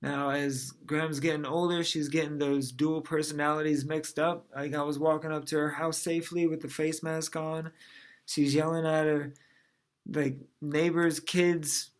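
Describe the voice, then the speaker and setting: A man's voice: on the high side, little pitch movement, normal speed. A man in his thirties from New Orleans, telling stand-up jokes in a dry, conversational way. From New Orleans, USA. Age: 30s. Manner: dry, conversational joke delivery. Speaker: comedian. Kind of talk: stand-up set.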